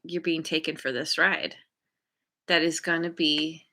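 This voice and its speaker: A woman giving an intuitive tarot reading to her viewers, gentle and encouraging, often pausing to search for words. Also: low-pitched, flat delivery. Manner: encouraging, spiritual. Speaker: tarot card reader.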